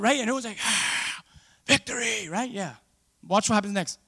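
A man preaching a sermon, calling out to the congregation for responses and swinging between loud exclamations and hushed asides. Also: sits high, moderate pace, vocal fry, breathy edge. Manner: animated, asks the congregation for responses.

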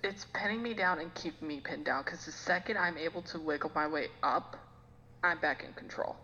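A woman with a very low but bright-edged voice, a guest in a casual podcast chat. She speaks frankly and pokes fun at herself. The sound is dull and echoey, with a faint hiss. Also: brisk. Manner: frank, self-deprecating.

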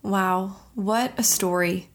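A woman hosting a podcast interview who listens with soft affirmations and thanks her guest. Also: mid-range voice, takes it slowly. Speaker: podcast host.

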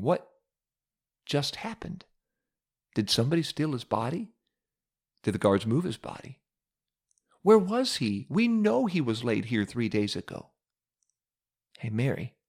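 A male pastor preaching a sermon, telling a story with rhetorical questions and building repetition. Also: medium pitch.

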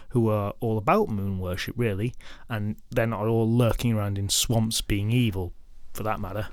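A man narrating a folklore podcast story, mixing dramatic retelling with wry, deadpan comic asides. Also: fairly low pitch, normal speed, hardly any pauses, no echo, studio quality.

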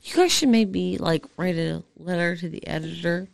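A woman's voice: fairly low pitch, moderate pace, creaky. A woman co-hosting a podcast in casual chat, sarcastic and teasing. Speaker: podcast co-host.

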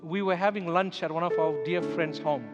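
A man's voice: on the high side, fairly even intonation, fairly quick, muffled recording. A man, a pastor, preaching a sermon with emphatic storytelling. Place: church sanctuary. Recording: echoey church hall with music underneath.

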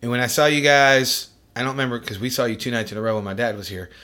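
A man's voice: medium pitch, steady tone, quick pace, sharp tone. A man hosting a podcast in casual chat, joking and swearing, laughing often. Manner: profane, jokey, laughs often. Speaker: podcast host.

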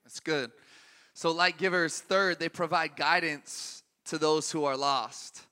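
Man, sermon, relaxed anecdotes, high voice, sharp bright tone. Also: slow pace, smooth, long reverb tail. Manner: relaxed anecdotal, laughing at his own story. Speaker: preacher.

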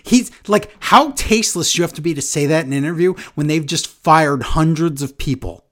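Man, fairly high voice, sarcastic co-host ranting about wrestling, exasperated. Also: moderate pace. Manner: sarcastic, exasperated, mocking impressions. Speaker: podcast co-host. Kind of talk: casual wrestling chat.

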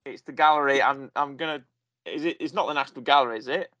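A man's voice: mid-range voice, fast, sharp tone, no echo, lo-fi sound. A man hosting a casual review chat, rambling and searching for words with a joking tone. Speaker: podcast host.

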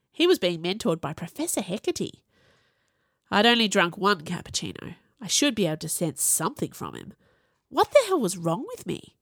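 Woman, audiobook narrator, wry, conversational, lively pitch, dry close recording. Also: no echo. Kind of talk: first-person fantasy narration.

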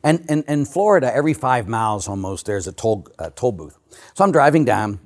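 Animated priest with a lively voice. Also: male voice, medium pitch, fairly quick. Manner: animated storytelling, laughs at himself. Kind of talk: sermon.

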